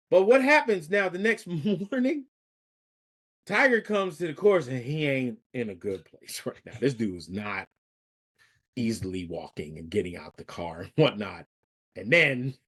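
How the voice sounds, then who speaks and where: Easygoing man in his fifties, slangy storyteller. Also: medium pitch. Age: 50s. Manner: loose slangy storyteller, laughs through lines. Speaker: podcast guest. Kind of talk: casual storytelling chat.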